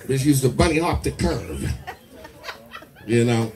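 A man doing a crude, rowdy stand-up set full of loud character bits. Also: medium pitch, sing-song, measured pace. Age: 40s. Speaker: stand-up comedian. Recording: live club mic, distant with crowd noise.

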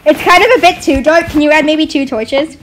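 A young woman hosting her own channel, chatting casually and excitedly with friends while they play a game, often giggling. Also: high voice, brisk, loud music behind the voice. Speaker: channel host. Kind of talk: casual chat while gaming.

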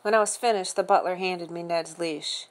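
A woman reading a children's novel aloud in an expressive, conversational storytelling manner. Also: fairly low pitch, normal speed. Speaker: reader.

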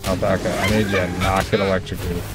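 Over music, a gamer gives live commentary as he plays, calling out to his creatures and yelping when enemies chase him. He talks fast in a low, flat voice.

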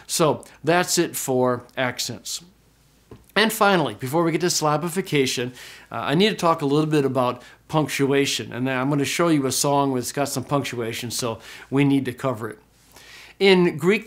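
A man teaching a Greek class, explaining pronunciation patiently, repeating words slowly and checking in with "okay?". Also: medium pitch. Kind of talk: classroom lecture.

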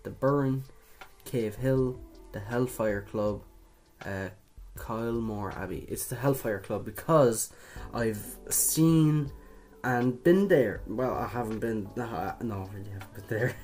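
A man's voice: mid-range voice, takes it slowly, a little mellow, faint music behind. A young man from Ireland doing casual quiz commentary, chatty, swearing casually and laughing at his own jokes. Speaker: video creator.

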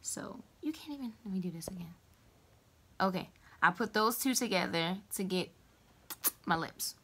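A woman chatting casually to camera as a beauty vlogger, playful and full of quick asides. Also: on the low side, animated, a bit bright, breathy edge.

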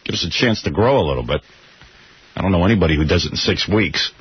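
A man's voice: deep voice, lively intonation, fast talker, a little hiss or hum. A man hosting morning radio talk, blunt and sarcastic, ranting about his ratings. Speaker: radio host. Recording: dull lo-fi radio broadcast.

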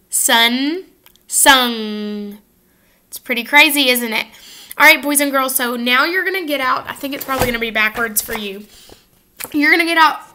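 A woman teaches a children's phonics lesson to the camera in a high, bright voice. She is upbeat and slows down to model each sound clearly for the kids to repeat. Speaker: first grade teacher. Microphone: facing camera at close range.

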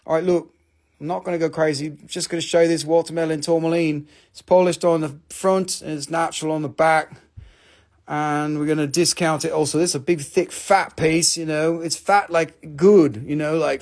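A man's voice: fairly high pitch, steady tone, normal speed, darkish tone. A man hosting a live stream that sells rocks, joking, swearing and talking to himself. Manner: joking, profane, talks to himself. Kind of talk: live-stream sales chat.

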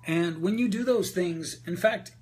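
Energetic male voice coach on a group call. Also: sits high, measured pace, slight background noise. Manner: candid, energetic coaching with frequent fillers. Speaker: voice and presentation coach. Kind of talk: answering questions on a group call. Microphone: video call.

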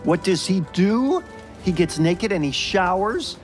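An actor playing a crude, excitable young movie buff in an audio drama, ranting fast with lots of swearing. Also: male voice, high-pitched, faint music behind, voice pushed up. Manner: fast, profane, animated rant.

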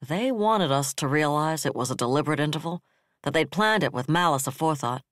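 A man voicing a bitter, level-headed male defense director who speaks flatly and harshly. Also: fairly high pitch, fairly quick, dry recording, clean studio sound.

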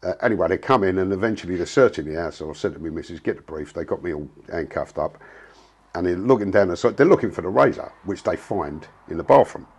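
A man's voice: deep voice, animated, fast, a little mellow, slightly rough. A man, telling a story in a blunt, casual way, full of slang and swearing. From England. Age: 60s. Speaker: interviewee.

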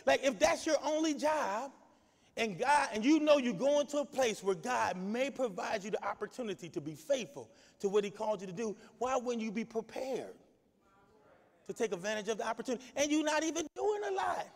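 High pitched preacher guy hollering at the church, lively sermon, big echoey hall. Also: fairly quick, gravelly. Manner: shouting, exuberant preaching. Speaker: pastor. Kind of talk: lively sermon with call and response.

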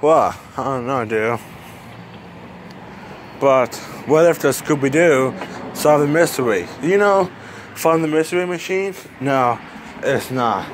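A man's voice: mid-range voice, expressive, takes it slowly, long pauses. A man playing Donald Duck, a hot-tempered cartoon duck, in an amateur fan film, rambling and swearing outdoors by a street. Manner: rambling, swearing, easily startled. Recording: outdoor traffic noise.

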